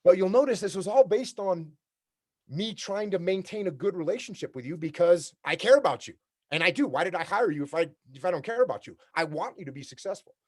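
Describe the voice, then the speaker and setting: Man, keynote speaker, fairly high voice for a man, blunt and plain-spoken, acts out workplace exchanges. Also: expressive, a little fast, a little mellow. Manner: direct, repetitive, acts out workplace dialogues. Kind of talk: leadership keynote talk. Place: remote talk for a virtual summit.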